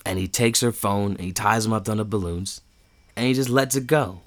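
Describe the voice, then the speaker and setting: A man co-hosting a casual chat, retelling what he watched with lively acted-out quotes and frequent laughter. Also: brisk. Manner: animated storyteller, acts out quotes with big pitch jumps and laughs.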